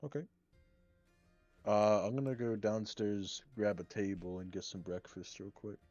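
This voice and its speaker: A man's voice: lowish voice, fairly even intonation, measured pace, a little mellow, dry recording, faint music behind. A man playing in a tabletop game, joking and laid-back. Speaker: player. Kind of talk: casual tabletop play. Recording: dull lo-fi audio.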